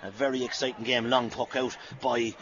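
An Irish man doing live radio commentary on a match, rapid, and shouting at the big plays. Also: medium pitch, little pitch movement, slight background noise. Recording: lo-fi radio broadcast with loud crowd. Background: loud stadium crowd.

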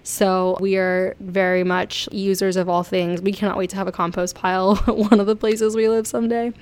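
A young woman from South Florida telling stories casually to her viewers, chatty and excitable, laughing often. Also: mid-range voice, normal speed, clean tone. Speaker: vlogger. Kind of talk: casual storytelling.

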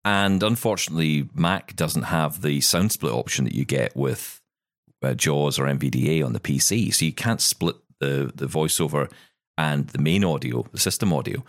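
His voice is very deep and his pace normal as he co-hosts a podcast, bringing an animated, enthusiastic Scottish energy to casual tech talk. He keeps correcting himself mid-sentence, and the studio-quality recording is dry.

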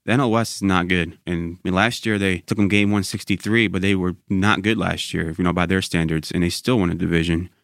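Deep-voiced man talking fast and loose. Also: creaky, no echo, clean studio sound. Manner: relaxed, loose, lots of "you know" and "I mean". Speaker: beat reporter, guest. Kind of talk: casual interview chat.

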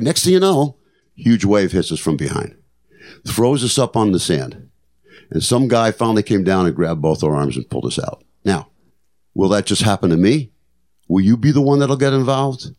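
A man's voice: on the low side, animated, moderate pace, darkish tone. An older man hosting a podcast, telling stories in an earnest, motivational way and repeating phrases for emphasis. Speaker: podcast host. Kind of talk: reflective storytelling monologue.

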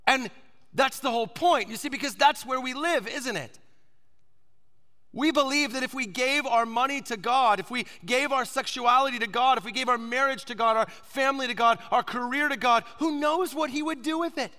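Male preacher in his 30s, raised pitch, big reverberant hall, dramatic shifts to a whisper. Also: moderate pace. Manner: dynamic preaching, swings from loud to whispered. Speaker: pastor. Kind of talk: sermon.

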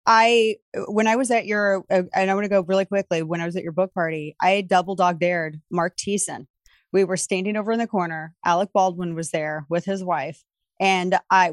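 A woman's voice: lowish voice, dry recording. A middle-aged woman, a radio host appearing as a guest, telling anecdotes and making her points emphatically. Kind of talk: animated storytelling in conversation.

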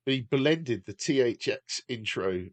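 Man giving earnest shout-out. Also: medium pitch, expressive, unhurried, no echo. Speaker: podcast co-host. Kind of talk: casual banter.

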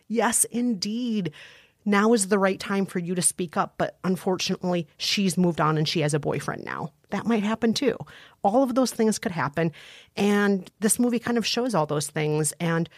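A woman's voice: mid-range voice, moderate pace, no room sound, clean studio sound. A woman co-hosting a movie-advice podcast, talking enthusiastically and with emphasis. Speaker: co-host.

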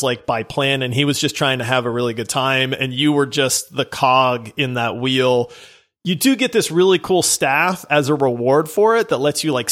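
A man co-hosting a gaming podcast, retelling a quest in an animated, laughing way. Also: medium pitch. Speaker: podcast co-host. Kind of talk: casual chat.

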